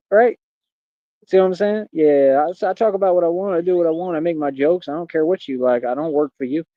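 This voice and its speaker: A man's voice: fairly high pitch, animated, fairly quick, no room sound, narrow, tinny audio. Boastful man ranting on a stream. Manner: boastful, defiant and mocking. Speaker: livestream host. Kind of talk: unscripted ranting monologue.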